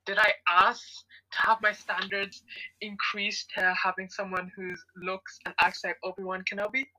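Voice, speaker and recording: A woman's voice: mid-range voice, little pitch movement, normal speed, sharp tone, rough recording. A woman co-hosting a podcast, teasing and laughing in casual chat. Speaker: podcast co-host.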